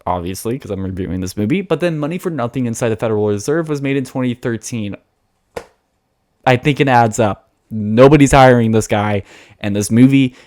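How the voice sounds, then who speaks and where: A man's voice: medium pitch, a little mellow. A man giving a casual, blunt film review to his channel, chatty and full of fillers and restarts.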